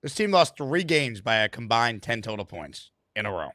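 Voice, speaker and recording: A man's voice: mid-range voice, big pitch swings, normal speed, bright, forceful tone, no echo. A man hosting a sports talk show, upbeat and emphatic as he takes calls.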